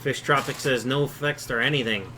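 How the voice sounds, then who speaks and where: Bright-voiced man chatting on a live stream. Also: medium pitch, a little fast, a little hiss or hum. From Chicago. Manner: reads viewer comments aloud and answers them offhand. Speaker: aquarium channel host. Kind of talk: casual live-stream chat.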